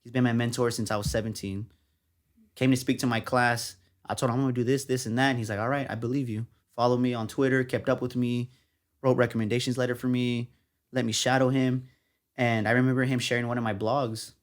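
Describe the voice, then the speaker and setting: Brisk and medium-pitched, this young Texan journalist from San Antonio is a guest in a laid-back interview. He shares his story in an animated way, acting out quotes of what people told him.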